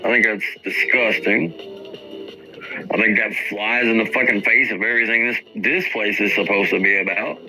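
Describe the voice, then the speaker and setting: Gravelly, forceful man ranting on a livestream. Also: on the low side, fairly even intonation, moderate pace, soft background music, poor audio. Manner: profane, indignant, addresses chat directly. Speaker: livestream host. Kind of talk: heated livestream rant to chat.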